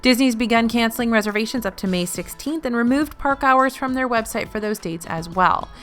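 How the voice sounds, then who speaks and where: A woman's voice: fairly high pitch, a little fast, fairly bright tone. Lady doing a news recap like an anchor, faint music underneath, cracks little jokes. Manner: news-anchor delivery with playful asides. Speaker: news host. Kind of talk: scripted news roundup.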